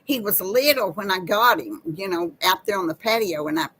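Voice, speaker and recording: A woman's voice: mid-range voice, lively intonation, a little fast, a bit bright, husky, rough recording. A woman, hosting a casual live chat with viewers in a folksy, chatty way. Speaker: live-stream host.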